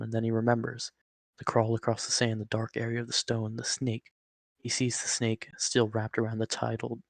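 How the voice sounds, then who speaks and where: A man narrating a story aloud in a steady, plain manner, now and then tripping over a word. His voice is gravelly, and it is recorded close and dry with no room sound. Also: medium pitch, no echo. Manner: steady, plain reading with occasional slips.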